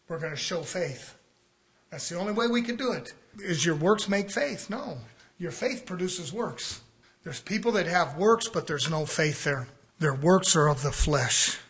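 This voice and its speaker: A male pastor preaching a fiery sermon, dropping to low murmurs and rising to shouts. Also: animated, normal speed.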